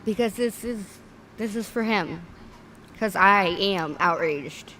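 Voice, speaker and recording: A woman's voice: medium pitch, takes it slowly, pushed and bright, slight background noise. A woman hosting a livestream, speaking earnestly and close to tears. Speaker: livestream host. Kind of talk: emotional livestream commentary.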